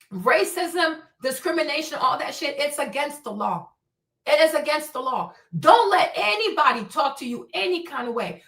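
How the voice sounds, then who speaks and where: Heated high-voiced woman ranting. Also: fairly bright tone. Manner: heated, profane, emphatic. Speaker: livestream host. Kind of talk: livestream commentary rant. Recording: echoey room, distant mic.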